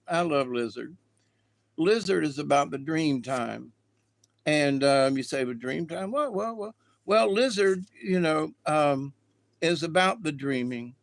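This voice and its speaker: A man's voice: a little high, creaky, no room sound. A man reading animal spirit cards on a live stream, in a folksy, meandering style with many fillers. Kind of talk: rambling live-stream storytelling.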